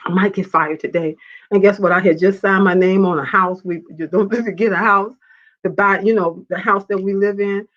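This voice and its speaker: A woman hosting a live faith talk show, reading viewer comments and telling a personal story in an animated way. She laughs often and acts out the voices of the people she quotes. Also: medium pitch, normal speed. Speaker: show host. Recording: dull lo-fi sound.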